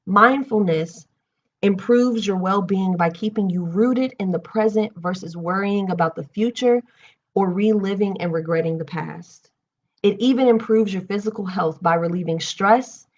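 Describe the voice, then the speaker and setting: A young woman hosting a live reading stream, reading a book aloud and breaking off into candid, animated personal asides. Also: medium pitch, a little slow, dull audio. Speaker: host reading books aloud on a livestream. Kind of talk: reading aloud and casual chat.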